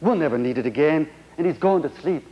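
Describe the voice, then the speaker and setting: A man voicing a gentle, worried older farm wife in a homespun drawl, on a dull old recording. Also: on the high side, lively intonation, fast, big-room sound, lightly acted. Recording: dull lo-fi 1980s stage recording.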